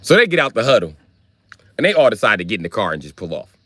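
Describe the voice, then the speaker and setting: On a livestream, a young Wisconsin-accented man spins an animated, profanity-laced story, loudly acting out each quote. His fairly low voice swings widely in pitch and moves at a quick clip, with no echo on the recording.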